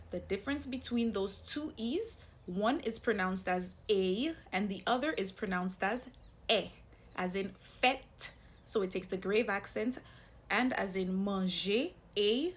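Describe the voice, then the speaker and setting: A woman gives a language lesson at a middling pitch. She talks patiently and breaks words into slow, careful sounds so the listener can follow. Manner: patient, repeats sounds slowly and clearly for the listener. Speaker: language teacher.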